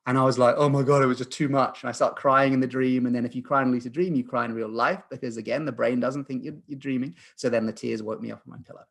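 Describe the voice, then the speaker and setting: A man in his thirties, a podcast guest, telling a personal story in an earnest, animated way with frequent restarts. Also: mid-range voice, fast, vocal fry, hardly any pauses. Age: 30s. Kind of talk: storytelling in conversation.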